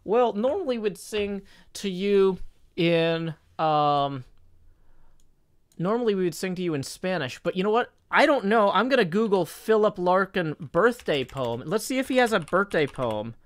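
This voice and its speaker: A man's voice: sits high, animated, moderate pace. A man reading poetry aloud and chatting on his live stream, with careful stress on the words and frequent hesitant fillers.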